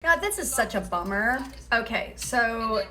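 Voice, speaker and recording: A woman's voice: fairly high pitch, lively intonation, a little slow, bright, forceful tone. A woman hosting a reaction commentary on internet drama, sarcastic and dramatic as she mimics others. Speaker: commentary host.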